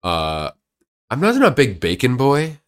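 A young man in casual podcast chat, excitable and crude, joking with friends. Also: mid-range voice, measured pace, clean tone. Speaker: podcast co-host.

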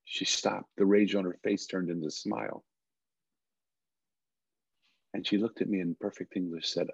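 Middle-aged man, gravelly voice, low pitch, earnest storytelling, dull lo-fi sound. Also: steady tone, dry recording. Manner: earnest, halting restarts. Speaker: guest. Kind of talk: emotional personal storytelling.

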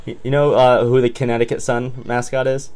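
A man's voice: medium pitch, fairly quick, clear, resonant tone. A man co-hosting a casual sports podcast, steering the topic and teasing his co-host. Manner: relaxed, teasing, drives the topic with segues.

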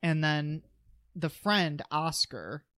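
A man's voice: a little high, expressive, slow pace, bright, forceful tone, no echo. Chatty man recapping a movie. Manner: chatty plot recap with eager asides. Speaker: podcast co-host. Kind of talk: casual movie discussion.

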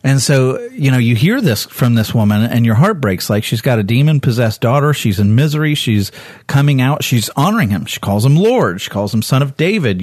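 A man preaching in a loose, conversational way, walking his listeners through a Bible story. He is lively and candid, slipping into the voices of the people in it with leaps in pitch. His voice sits at a middle pitch, and the sound is dry and close with no room echo. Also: fairly quick. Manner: lively, acts out quoted voices with sudden jumps in pitch; candid and self-correcting.

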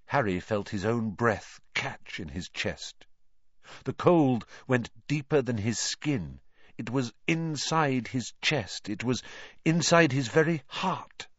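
A man reading an audiobook aloud in a slow, dramatic, expressive way. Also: medium pitch, no echo, dull audio. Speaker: audiobook reader. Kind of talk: audiobook narration.

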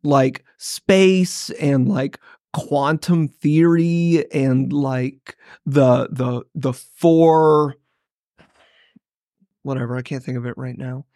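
A man's voice: medium pitch, fairly even intonation, very slow, dark tone, dry recording, studio quality. A man co-hosting a podcast, telling rambling, self-mocking stories in casual chat. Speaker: podcast co-host.

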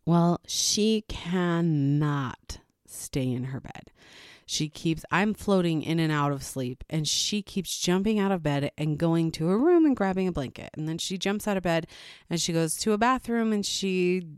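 A woman's voice: lowish voice, a little slow, clean tone, dry recording, clean studio sound. A woman in her thirties, tired after a sleepless night, casually telling a rambling story about her night with a self-mocking laugh. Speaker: podcast host.

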